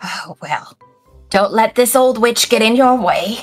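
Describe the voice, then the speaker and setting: A woman's voice: fairly high pitch, lively intonation, a little slow, faint music behind, pitched above the performer's own voice. A woman voicing a very old, elegant female hobgoblin witch who dotes on visitors. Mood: doting. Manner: sweet, doting, fond of tea.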